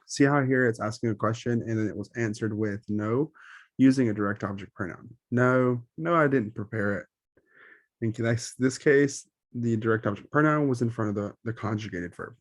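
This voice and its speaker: A man's voice: mid-range voice, moderate pace, no echo, studio quality. A man teaching Spanish grammar in an online lesson, explaining slides with many ums and self-corrections.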